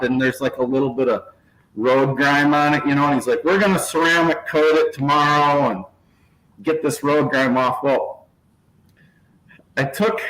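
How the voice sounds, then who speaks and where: A man talking loosely over a laptop from a small shop office, which gives his voice a roomy echo. His pitch sits in the middle, and he tells his story in a relaxed, rambling way. He drifts into mock voices and chuckles as he goes. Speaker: channel host. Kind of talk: casual video chat. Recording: echoey room.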